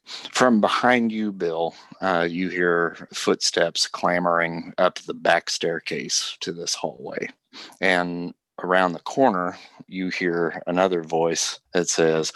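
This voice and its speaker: A man narrating as game master of a Western tabletop role-play, relaxed and matter-of-fact. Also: sits low, takes it slowly, dry recording.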